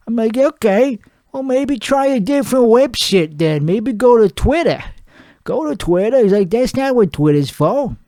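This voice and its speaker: A man's voice: high voice, dark tone, no echo, studio quality. A man playing a brash, crude washed-up male singer-comedian who rants and rambles about his producer, his voice weak and strained from singing. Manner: crude, rambling, boastful, self-mocking. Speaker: comedy show host. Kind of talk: improvised comedic rant.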